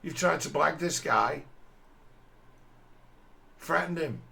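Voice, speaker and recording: Gravelly, scornful man ranting. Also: a little high, animated, slow pace, pushed and bright. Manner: crude, scornful, mocks by mimicking others. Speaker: commentator. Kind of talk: ranting commentary over a video.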